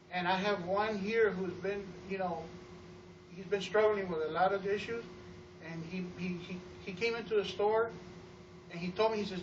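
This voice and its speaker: A man giving an energetic testimonial to a live audience about running his store, telling stories with acted-out quotes and often repeating words. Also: high-pitched, a little hiss or hum. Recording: roomy, distant, dull sound.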